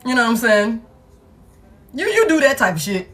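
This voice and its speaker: Woman tarot reader at home, higher voice, profane and emphatic delivery. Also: big pitch swings, normal speed, a bit bright. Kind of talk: collective tarot reading.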